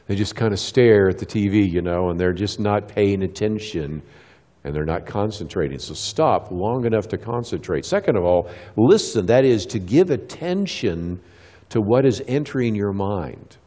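In a large hall, a middle-aged Christian speaker gives a church talk to a live audience, asking questions and answering them himself while acting out quick dialogues with kids. His voice is fairly low in pitch, animated and dark in tone.

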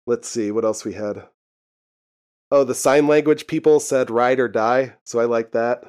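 A man's voice: medium pitch, normal speed, a little mellow, clean tone. Laid-back young man, casual podcast chat. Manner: laid-back, laughs often, swears casually. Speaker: podcast co-host. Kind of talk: casual chat recapping a TV show.

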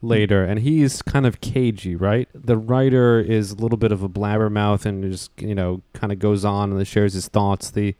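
A man's voice: fairly low pitch, fairly even intonation, normal speed, few pauses, mellow, clean tone, no room sound, studio quality. A man co-hosting a casual podcast, recapping a film in a rambling way. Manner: rambling, many fillers. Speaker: podcast co-host.

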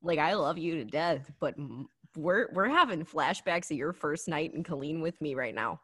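Teasing, sarcastic woman with husky voice. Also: sits low, lively intonation, fairly bright tone. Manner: teasing, quick, sarcastic, laughs a lot. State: sober. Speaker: podcast co-host. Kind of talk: casual chat.

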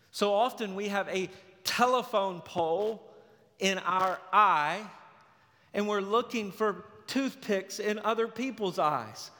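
A high-voiced man preaches with a bright, forceful tone and acts out the story in sarcastic voices. His voice rings with long reverb through a large church hall. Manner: animated, acts out biblical characters with sarcastic voices. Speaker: pastor. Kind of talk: sermon.

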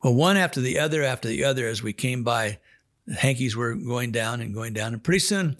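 A man's voice: medium pitch, expressive, fairly quick, fairly bright tone. A man, a chaplain, telling a story from the pulpit in an earnest, folksy way, acting out the dialogue. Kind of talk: storytelling sermon.

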